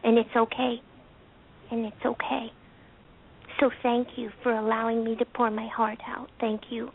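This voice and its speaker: A woman calling in to a talk show by phone, speaking in a heartfelt, halting and soft-spoken way. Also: on the high side, little pitch movement, a little hiss or hum. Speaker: caller. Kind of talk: emotional call-in testimony. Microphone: telephone. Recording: tinny phone line.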